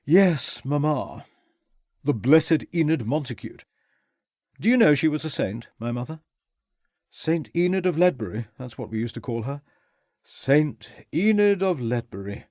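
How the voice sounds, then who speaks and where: A man's voice: on the high side, sing-song, measured pace, darkish tone, dry recording, clean studio sound, voice pushed up. Man doing a tipsy, rambling young toff. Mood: mocking. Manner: slurring, chatty, self-pitying.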